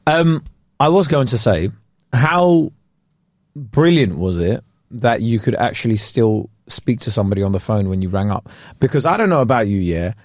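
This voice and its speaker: British male podcast co-host, lively swinging pitch, close dry mic, slips into impressions. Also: normal speed, no room sound. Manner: animated, puts on voices to mimic people. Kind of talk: casual podcast chat.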